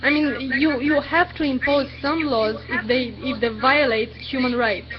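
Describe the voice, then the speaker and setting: A woman's voice: high voice, fairly even intonation, unhurried. A woman arguing earnestly in an online debate, hesitant and full of fillers. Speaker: debate participant. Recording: lo-fi webcam stream audio with crowd noise.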